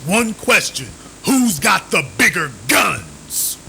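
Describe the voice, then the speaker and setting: A man's voice: sits high, wildly swooping pitch, slow pace, gravelly, sharp tone, slight background noise, low-quality recording. A man hosting a live stream, giving emphatic commentary, with sarcastic, repeated rhetorical questions.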